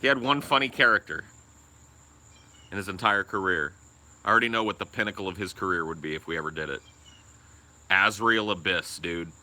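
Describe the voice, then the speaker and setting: A podcast co-host rambles through casual, profane chat in a strikingly bright, edgy voice pitched a little low. He talks a little fast, leaves long pauses, and bursts into loud laughs between thoughts.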